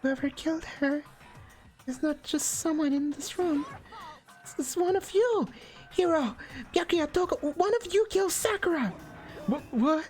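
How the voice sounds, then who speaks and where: Woman voicing a hot-tempered sporty teen girl, high and shouting, accusing. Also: lively intonation, measured pace, pauses often, soft background music. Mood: furious.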